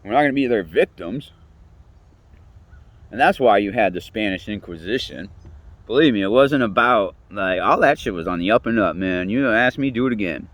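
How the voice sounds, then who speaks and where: A man's voice: fairly low pitch, animated, moderate pace, a bit bright, no room sound. A man rambling in a casual monologue, swearing constantly, chuckling mid-sentence and restarting his words.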